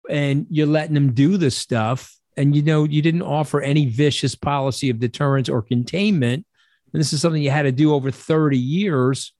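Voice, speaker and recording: A man's voice: fairly high pitch, moderate pace, a little mellow, no echo, studio quality. A middle-aged man telling stories as an interview guest, blunt and profane, acting out the voices of people he quotes. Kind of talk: casual interview storytelling.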